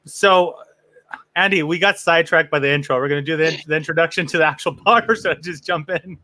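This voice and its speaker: A man's voice: on the high side, fast talker, sharp tone, slight background noise. A man hosting a casual fan podcast, joking and rambling with frequent restarts. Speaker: podcast host. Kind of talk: casual chat.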